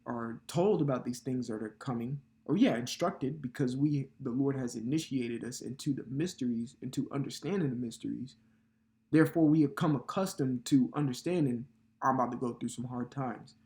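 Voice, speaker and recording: A medium-pitched, slightly mellow male voice teaches scripture in a casual sermon. This bible teacher keeps things loose and conversational, swearing casually and leaning often on filler tags like "okay" and "all right."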